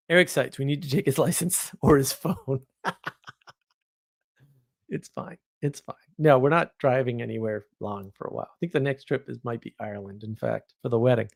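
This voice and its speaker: A man hosting a casual livestream reads viewer comments and argues back in a wry, chatty way. His voice sits fairly high for a man. The sound is dry and close, with no room echo. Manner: chatty, wry, argumentative, laughs often. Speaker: livestream host.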